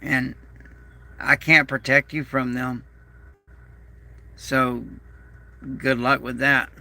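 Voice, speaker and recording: Male prepper vlogger, gravelly and sharp-edged, slow and bitter, dry close sound. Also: medium pitch, little pitch movement, no echo. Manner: aggrieved, bitter, repeats himself. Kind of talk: rambling personal monologue.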